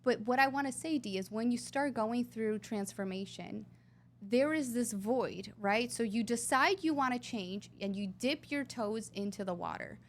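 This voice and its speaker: A woman's voice: a little high, slight background noise. A woman talking earnestly and with emphasis as a guest in a conversational interview. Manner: earnest, emphatic, sometimes drawn out. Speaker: podcast guest.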